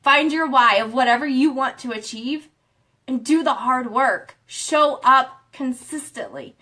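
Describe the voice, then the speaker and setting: A woman with a high, bright voice gives a fired-up motivational talk on a live stream. She is earnest and rambles, restarting her sentences as she pushes her viewers. She coaches an accountability group. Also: normal speed.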